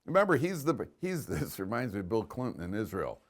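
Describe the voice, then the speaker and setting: Man, rabbi lecturing, lively storytelling, slightly low voice, chants verses. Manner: animated storyteller, frequent restarts, chanting Hebrew verses slowly. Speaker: rabbi teaching a weekly Torah portion class. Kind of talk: lively classroom Torah lecture.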